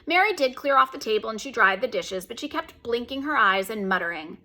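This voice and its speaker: Expressive female storyteller for a children's read-aloud; bright, higher voice. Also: brisk. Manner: expressive, animated.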